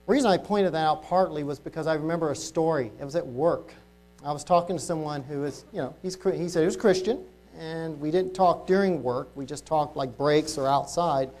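A man preaching an informal sermon to a congregation, talking casually and reading Bible verses slowly and deliberately. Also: fairly high pitch, a little mellow. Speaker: lay preacher.

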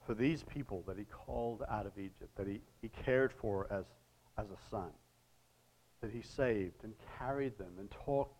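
A middle-aged man preaching a sermon, reading scripture aloud with pauses and talking to listeners in conversational asides. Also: on the low side, darkish tone, rough recording.

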